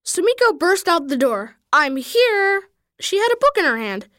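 A woman reading a children's story aloud with expressive, animated storytelling. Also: very high voice, a little fast, no echo, studio quality. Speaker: reader.

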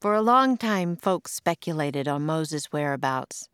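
A woman's voice: deep voice, unhurried, clean tone, no echo. Woman reading a storybook, dry and close. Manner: expressive, puts on voices for quoted lines. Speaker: author and narrator. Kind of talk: storybook read-aloud.

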